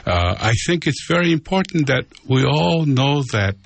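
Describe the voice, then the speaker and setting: A man's voice: mid-range voice, expressive, normal speed, gravelly, no room sound. A man giving a radio interview answer, hesitant and full of fillers. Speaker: interview guest.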